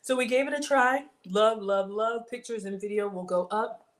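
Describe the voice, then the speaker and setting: A woman's voice: fairly high pitch, moderate pace. Chatty woman hosting a livestream. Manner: chatty, reads viewer comments, says y'all. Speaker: livestream cooking host. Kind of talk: casual livestream chat.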